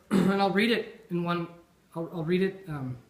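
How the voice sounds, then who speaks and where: A man's voice: high-pitched, fairly even intonation, a little slow. Thoughtful man giving a dinner toast. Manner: thoughtful, with frequent ums and restarts. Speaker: toast speaker at a Burns supper. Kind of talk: informal after-dinner toast. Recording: echoey dining hall.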